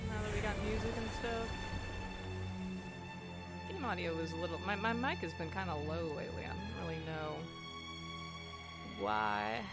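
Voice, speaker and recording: A woman's voice: mid-range voice, normal speed, long pauses, over loud music. A woman streaming a video game, making chatty, joking asides over it. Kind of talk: casual let's-play commentary.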